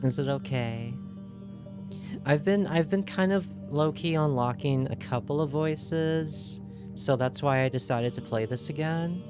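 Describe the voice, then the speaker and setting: Slow-talking chatty woman streamer. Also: sits low, over music. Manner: chatty, asks chat lots of questions. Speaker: game streamer. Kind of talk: casual livestream chat.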